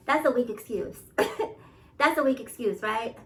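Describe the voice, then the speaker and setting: A woman's voice: on the high side, a bit bright, recorded from a distance, poor audio. A woman with a New York accent giving casual opinion commentary, emphatic, repeating her points and laughing often. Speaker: commentary vlogger.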